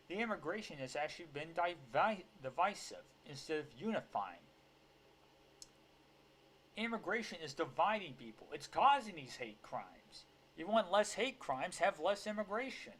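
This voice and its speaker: A man's voice: a little high, animated, a little slow, a bit bright, a little hiss or hum. A man reading a news article aloud and breaking off into sarcastic, profane, heated rants. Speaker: political commentator. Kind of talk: ranting commentary on a news article.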